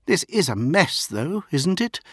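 A man voicing a short, strong-willed young woman officer who speaks crisply and gives little away, in an audiobook. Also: a little high, sing-song, a little slow, fairly bright tone, dry recording, studio quality, pitched above the performer's own voice, heavily acted. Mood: curious.

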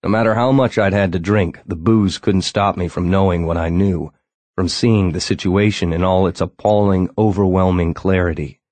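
A man reading first-person fiction as an audiobook narrator, steady and brooding. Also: low-pitched, normal speed, no room sound.

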